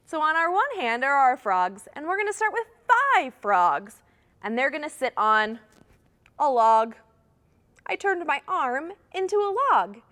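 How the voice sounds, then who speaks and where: High-voiced woman leading toddler storytime. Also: long reverb tail. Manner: sing-song, encouraging, animated with quacking. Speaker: children's librarian. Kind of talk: storytime songs and talk for toddlers. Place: library storytime livestream.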